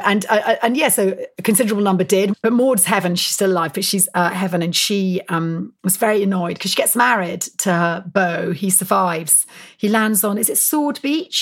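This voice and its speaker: A woman, speaking as an author interviewed as a guest. She tells her stories with energy, laughs often, and uses lots of fillers and restarts. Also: lowish voice. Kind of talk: animated storytelling interview.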